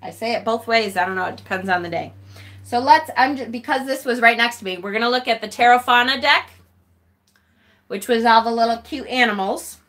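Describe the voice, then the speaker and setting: A woman's voice: on the high side, fairly quick, fairly bright tone. A woman hosting a casual tarot live stream, answering viewer comments in a blunt, profane way, often laughing and sighing. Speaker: tarot channel host.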